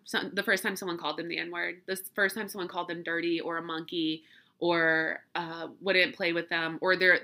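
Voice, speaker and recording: A woman's voice: fairly low pitch, pushed and bright. A woman, hosting a casual solo podcast, candid and emotional, congested from crying and allergies. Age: 30s. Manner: candid, emotional, swearing, laughing often. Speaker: podcast host.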